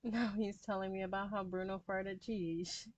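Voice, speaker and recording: A woman's voice: mid-range voice, fairly even intonation, normal speed. A woman hosting a casual cross-stitch livestream, reading viewer comments aloud and chatting back to them. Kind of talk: casual live-stream chat.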